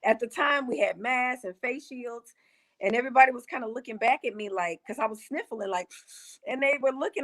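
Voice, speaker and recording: A woman being interviewed over a video call, telling her story in an emotional, halting way with many restarts. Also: fairly high pitch, rough recording. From United States. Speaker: interview guest. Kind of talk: casual remote interview.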